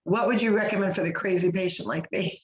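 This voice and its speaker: A woman co-hosting a podcast, telling a long personal story in a chatty, animated way with lots of fillers and restarts. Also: mid-range voice, fast, highs cut off. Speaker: podcast co-host. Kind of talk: casual podcast chat. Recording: roomy echo.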